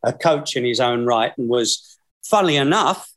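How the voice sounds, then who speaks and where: A man's voice: mid-range voice, lively intonation, moderate pace, fairly bright tone. A man in his sixties with an Australian accent, a guest telling long, rambling stories and chuckling through them over a video call. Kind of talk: casual storytelling.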